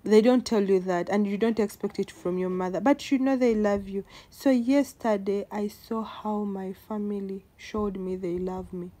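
Young woman vlogging, gets emotional, repeats stuff for emphasis, mid-pitch voice. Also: fairly even intonation, normal speed, few pauses, warm tone. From Uganda. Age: 20s. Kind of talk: casual vlog talk to camera.

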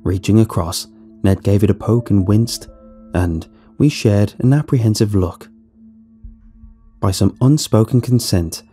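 Male horror narrator, husky, animated delivery, faint music bed. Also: on the low side. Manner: lively, expressive storytelling. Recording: soft music behind the voice.

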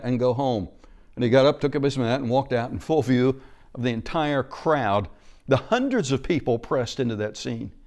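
A male pastor preaching a sermon in a church, telling the story with rising and falling delivery and acting out the voices in it. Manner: expressive preaching, acts out quoted voices with big shifts in pitch and loudness.

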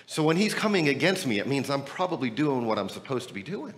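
A man preaching as a pastor, energetic and emphatic, asking rhetorical questions while he is losing his voice. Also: medium pitch, quick pace. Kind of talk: sermon and church announcements. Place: church building, temporary meeting room.

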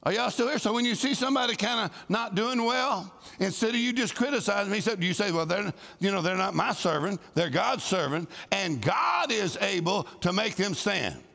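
Animated preacher with gravelly voice. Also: male voice, high-pitched, moderate pace, hardly any pauses. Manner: animated, calls for responses, shouts scripture. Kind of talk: lively sermon to a congregation. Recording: live sermon in a large hall with long reverb.

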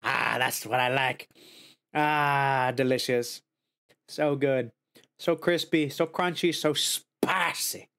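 Slow-paced, with a clear, resonant tone, a man runs a laid-back snack-tasting stream. Excitable, he breaks into high squeals of joy or dismay, and murmurs softly as he savors.

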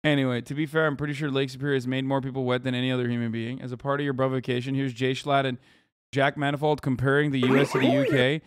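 A man's voice: mid-range voice, level tone, racing, smooth, no echo, clean studio sound. A man hosting a livestream, reacting casually with profane, sarcastic, rambling talk full of restarts. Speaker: livestream host. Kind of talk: casual stream reaction commentary.

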